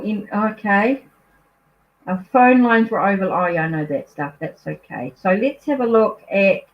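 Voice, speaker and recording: A woman's voice: mid-range voice, muffled recording. A woman with a New Zealand accent, a tarot reader chatting casually at home on a live stream, easily distracted, apologetic and thinking aloud.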